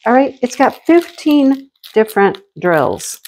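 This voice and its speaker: Middle-aged woman, casual craft vlog host, excitable and gushing, lively sing-song pitch. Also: unhurried.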